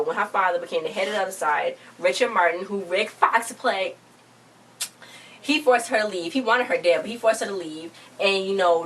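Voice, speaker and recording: A young woman talks through a TV episode in a loose, chatty recap, slipping into the characters' lines. Her voice sits a little low and is picked up from a distance, with a faint hiss underneath. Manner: chatty, animated retelling with quoted lines and asides. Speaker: TV episode reviewer. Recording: distant mic with faint background noise.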